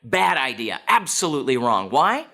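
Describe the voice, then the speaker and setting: A man giving a storytelling talk to an audience, animated and asking listeners direct questions. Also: medium pitch, moderate pace. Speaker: speaker.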